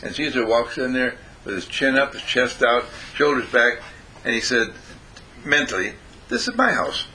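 Bright-voiced man telling an animated story. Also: medium pitch, moderate pace, a little hiss or hum, poor audio. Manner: animated, acts out quotes. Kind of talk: storytelling talk with moral.

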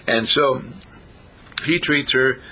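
A man's voice: medium pitch, slow, sharp tone, a little hiss or hum. A man preaching a folksy sermon, repeating phrases and lifting his voice on the key words. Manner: folksy, repetitive, rising emphasis on key phrases.

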